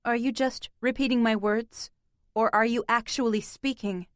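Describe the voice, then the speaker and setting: A woman's voice: fairly high pitch, steady tone, moderate pace, no room sound, studio quality, lightly acted. A woman voicing a hardened young woman survivor who speaks cautiously. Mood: guarded. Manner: cautious, guarded.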